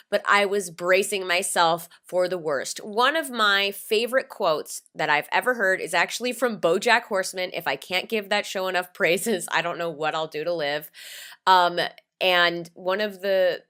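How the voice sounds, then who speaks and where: Young woman vlogger, bright sharp voice, swears a lot, acts out the quotes. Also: medium pitch. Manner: animated, swears freely, acts out quoted lines. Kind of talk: casual storytime.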